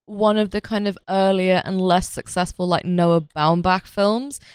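A woman's voice: lowish voice, steady tone, measured pace, clean tone, dry recording. A woman co-hosting a podcast, chatting casually and comedically about a film, sweary and rambling with lots of "like" fillers. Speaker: podcast co-host.

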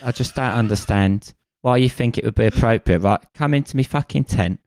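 A man's voice: medium pitch, fairly quick, darkish tone, no room sound, lightly acted. A man voicing a touchy middle-aged general as a confrontational dad. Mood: aggrieved. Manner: aggrieved, confrontational.

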